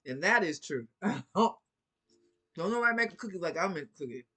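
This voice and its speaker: Lively, sassy woman giving a pep talk. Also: on the low side, normal speed, breathy edge. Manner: sassy, preachy, laughs often, swears freely. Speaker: vlogger. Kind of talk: casual motivational talk to camera.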